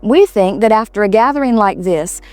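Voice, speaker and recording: A woman giving an inspirational talk to a live audience, speaking as a collective "we" in a calm, reassuring way with repeated phrases. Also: mid-range voice, normal speed, smooth, dry recording, faint music behind. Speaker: seminar speaker answering audience questions.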